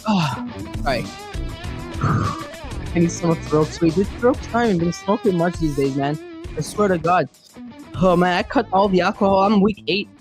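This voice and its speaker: A woman's voice: fairly low pitch, animated, a little slow, pauses often, a little mellow. Woman host, from Canada, slangy, giggly, swears, faint music behind. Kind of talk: live online talk show hosting.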